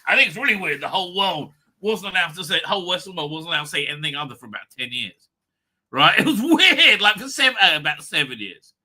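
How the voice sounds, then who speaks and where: High-ish bright guy ranting on his live stream, crude jokes, keeps cracking himself up, voice jumps all over. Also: sing-song, fast talker. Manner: crude, rambling, laughs often. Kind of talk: rambling live-stream chat.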